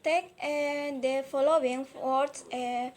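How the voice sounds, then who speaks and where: Young Indonesian-accented woman student, high voice, hesitant class talk. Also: fairly even intonation. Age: young adult. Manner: halting, frequent hesitations and restarts. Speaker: university student. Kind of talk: recorded class presentation.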